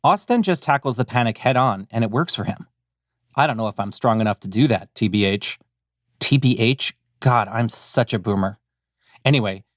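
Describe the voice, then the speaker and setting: A man's voice: medium pitch, no room sound, clean studio sound. A man hosting a podcast, reading the outro and credits with wry, self-mocking asides. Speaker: podcast host. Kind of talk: scripted outro narration.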